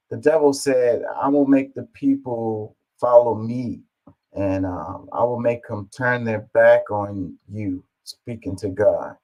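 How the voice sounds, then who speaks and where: A man's voice: lowish voice, darkish tone, poor audio. A man hosting a reaction video, commenting casually and rambling as he thinks aloud, with many fillers.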